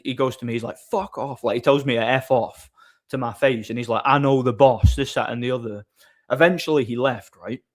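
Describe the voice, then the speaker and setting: Man telling rambling stories. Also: medium pitch. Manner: rambling anecdotes, laughs at his own stories. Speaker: streamer and bar doorman. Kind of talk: casual livestream chat.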